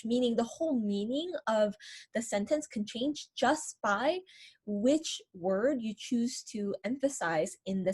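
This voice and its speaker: Higher-voiced woman teaching an online lecture. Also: darkish tone, slightly rough. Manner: explanatory, demonstrates stress patterns with varied emphasis. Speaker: instructor.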